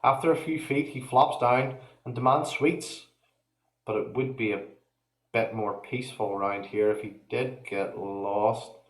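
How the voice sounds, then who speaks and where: A man voicing a sharp, nervous young girl who speaks hesitantly, in an echoey room. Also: medium pitch, fairly even intonation, a little slow, lightly acted.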